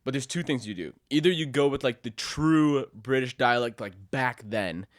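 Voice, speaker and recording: A man's voice: medium pitch, normal speed, dry recording. Young male podcast host, laid-back rambler, dry close sound. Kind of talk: casual chat.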